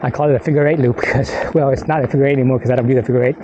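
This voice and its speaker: A man's voice: medium pitch, steady tone, rapid-fire, warm tone, muffled recording. A man vlogging as he rides a mountain bike outdoors on a rocky trail, out of breath from the climb, rambling and swearing under his breath. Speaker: mountain biker filming his ride. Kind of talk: casual ride vlog talk. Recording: clear wind and rattle noise.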